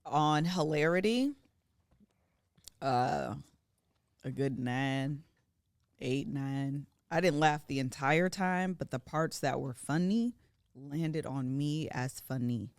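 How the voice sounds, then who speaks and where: A woman guest on a podcast in casual chat, measured and thoughtful. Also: low voice, no echo, clean studio sound.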